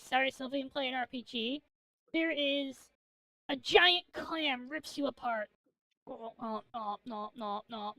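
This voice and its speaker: A woman's voice: high voice, gravelly, fairly bright tone, no echo, rough recording. A woman VTuber chatting casually on a gaming stream, rambling in a manic, jokey way and swearing now and then.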